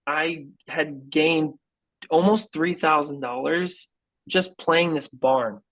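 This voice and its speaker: A man talks to a podcast host in a slightly high voice, casual and earnest. He keeps dropping "dude" and "like" as he tells his story. He brings the people in his story to life by voicing them. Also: slow pace, poor audio. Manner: animated and earnest, says "dude" and "like" often. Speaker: guest musician.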